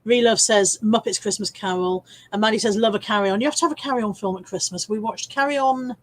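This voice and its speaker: Reading viewer comments on her casual live stream, a middle-aged host is chatty and cheeky, laughing frequently and swearing now and then. She talks fast in a mid-range voice.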